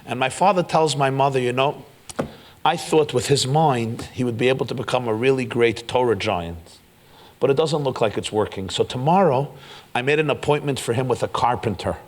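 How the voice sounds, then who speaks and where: A man giving a storytelling sermon as keynote speaker, acting out the dialogue of the people in his tale and building to loud peaks. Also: medium pitch, moderate pace. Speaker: rabbi giving a keynote address. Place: large hotel event hall.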